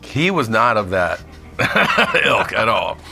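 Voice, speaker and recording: A man's voice: fairly low pitch, sing-song, takes it slowly, creaky. A man being interviewed as a guest comedian, telling casual, matter-of-fact stories and laughing often as he talks. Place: kitchen studio.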